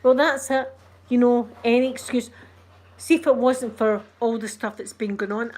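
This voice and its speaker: A Scottish woman in middle age talks casually to her livestream audience. Her voice sits a little on the high side. She tells her stories with animation, slipping into the voices of the people in them. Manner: animated storyteller, acts out what people said. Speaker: channel host.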